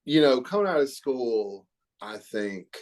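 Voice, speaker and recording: A man's voice: mid-range voice, very animated, measured pace, darkish tone. A middle-aged man from Oklahoma, a hair educator talking as a podcast guest in an earnest, reflective, emphatic way. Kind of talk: podcast interview chat.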